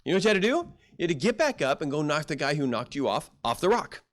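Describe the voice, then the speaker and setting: A man's voice: on the high side, big pitch swings, fast talker. A middle-aged male pastor preaching a sermon in a folksy storytelling way, acting out quoted voices.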